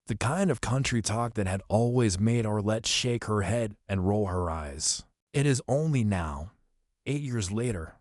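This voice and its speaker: A man narrating a horror audiobook in the first person, with a measured, somber, confessional telling. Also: lowish voice, expressive, darkish tone, no room sound, studio quality.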